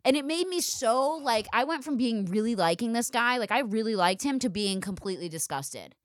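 A young woman telling a wild personal story as host of a casual chat, profane and animated, tossing in asides. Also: fairly high pitch, fairly quick, no echo.

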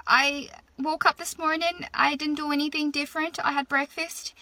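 A young woman from Australia earnestly walks through her story, step by step, in a social media video. Her voice is high and bright, close and dry. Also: level tone, moderate pace, no echo. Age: 20s. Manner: earnest, recounting events step by step.

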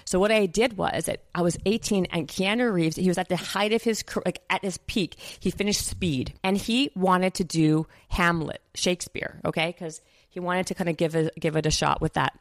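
A Canadian woman in her forties telling an animated personal story as an interview guest, full of fillers and acted-out quotes. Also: fairly low pitch, moderate pace, dry recording.

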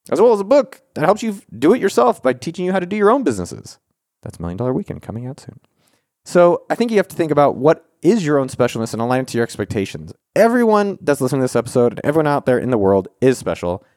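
Animated joking male podcast host. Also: a little high, dry recording, studio quality. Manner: animated, joking, swears, pep-talk tone. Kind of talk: casual advice podcast.

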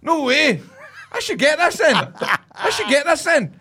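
Man, high pitched, excitable, swears, casual banter. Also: a little slow. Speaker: blindfolded guest guessing identity.

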